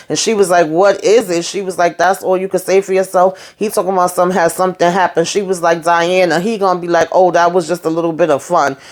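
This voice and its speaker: A woman's voice: on the low side, darkish tone. A woman casually recapping a TV episode, blunt and outspoken, swearing freely and briefly voicing the characters as she retells each scene. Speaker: TV show recapper.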